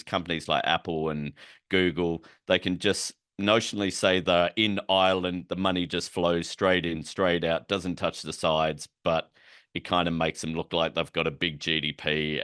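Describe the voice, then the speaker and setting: A man's voice: low-pitched, fairly bright tone, smooth, no room sound. A man giving a conversational policy lecture, explaining terms as he goes, with asides and dry humor. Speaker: policy educator.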